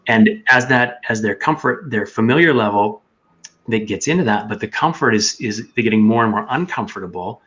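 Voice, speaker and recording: A man's voice: on the low side, moderate pace, a bit bright, slightly rough. A man telling his story earnestly as a podcast guest, sometimes acting out his own inner voice. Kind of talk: casual chat. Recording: dull lo-fi sound.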